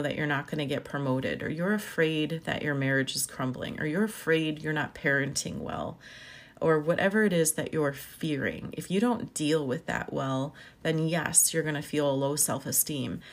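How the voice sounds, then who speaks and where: A woman who counsels first responders, talking in a measured way about emotions and often listing feelings one word at a time. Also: deep voice. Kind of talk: reflective talk on emotions.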